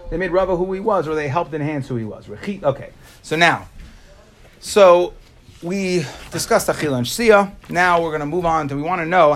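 A man's voice: fairly high pitch, slight background noise. A man teaching a Talmud class to students in a classroom, explaining in bursts and asking rhetorical questions that he answers himself.

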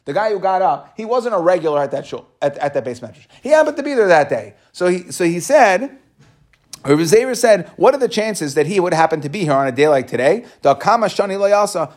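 Guy going thru talmud, talks quick, voice a bit high. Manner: reads Aramaic passages and explains them in casual English. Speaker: Talmud teacher. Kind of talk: Talmud class, explaining the text.

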